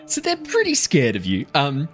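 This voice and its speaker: A man's voice: a little high, moderate pace, over music. A man narrating as dungeon master, chatty and often laughing. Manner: laughing often, loose and animated. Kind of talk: narrating a tabletop game.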